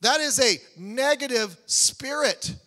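A man preaching a sermon in a conversational, animated way, building to emphatic peaks. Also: extremely high pitch, slow pace. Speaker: pastor. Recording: long hall reverb.

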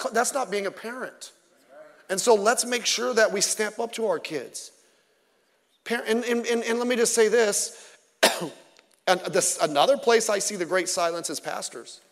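A man's voice: high-pitched, normal speed, long reverb tail. A male pastor preaching a sermon in an emphatic, conversational way, mixing in self-deprecating jokes.

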